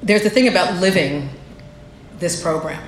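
Speaking at a moderate pace in a fairly low voice, a woman gives a personal share at a recovery meeting, telling her story frankly and poking fun at herself. There's faint background noise and an echoey room.

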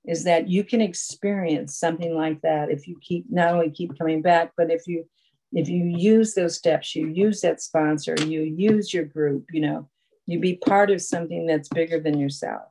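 A woman's voice: sits low, moderate pace, warm tone, a little hiss or hum, low-quality recording. Woman rambling through a personal story at a support meeting, lots of "you know", on a video call. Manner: rambling storyteller, full of fillers. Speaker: recovery meeting speaker.

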